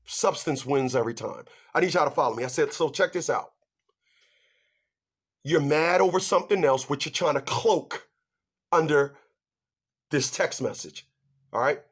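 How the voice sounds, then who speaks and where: Guy with a pretty high voice going off to the camera, emphatic, stumbles and repeats himself. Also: normal speed, long pauses, slightly rough. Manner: emphatic, stammers and repeats, talks straight to the audience. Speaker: vlogger giving relationship advice. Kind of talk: animated ranting monologue to viewers.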